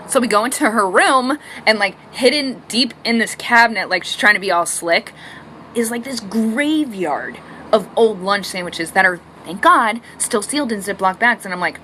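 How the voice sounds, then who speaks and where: A woman's voice: mid-range voice, lively intonation, moderate pace, pushed and bright, a little hiss or hum. A woman telling funny family stories into her phone, bubbly and dramatic, acting out the quotes and laughing a lot. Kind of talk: storytime monologue. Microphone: phone selfie recording.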